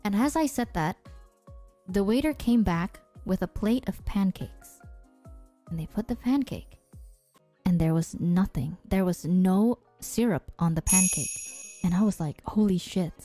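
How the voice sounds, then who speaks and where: A young woman streamer telling a story to her chat in a casual, excitable way, swearing freely. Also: mid-range voice, unhurried, faint music behind. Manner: excitable, animated, swears a lot.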